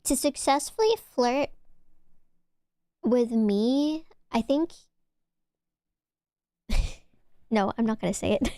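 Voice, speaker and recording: A young woman with a Valley Girl accent chatting on her stream, talking loosely with lots of "like"s and sometimes dropping to a soft whisper. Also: slow pace, long pauses, dry recording, studio quality. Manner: chatty, filler-heavy with many "like"s, dips into low whispers. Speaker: VTuber streamer. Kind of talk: casual chat stream.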